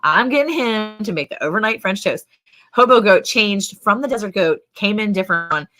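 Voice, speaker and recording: A woman's voice: medium pitch, expressive, normal speed, fairly bright tone. Chatty woman hosting a ranch livestream. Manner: chatty, laughs often, greets viewers by name. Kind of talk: casual live-stream chat.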